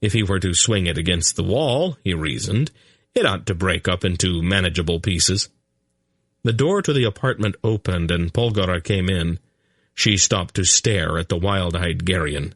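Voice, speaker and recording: A man's voice: low voice, moderate pace, fairly bright tone, no room sound. A man narrating an audiobook in a dry, comic storytelling manner.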